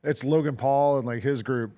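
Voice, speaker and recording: A man's voice: mid-range voice, steady tone, moderate pace, mellow. A man co-hosting a casual sports talk show, telling stories in a rambling way with lots of "like" and "um" fillers. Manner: amused storyteller. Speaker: sports radio co-host.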